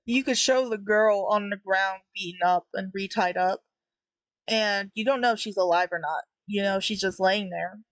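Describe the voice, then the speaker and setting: A woman's voice: mid-range voice, no room sound. A young woman talking through a comic in a casual, critical way, often laughing between remarks. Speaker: webtoon reviewer. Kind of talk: casual commentary while reading.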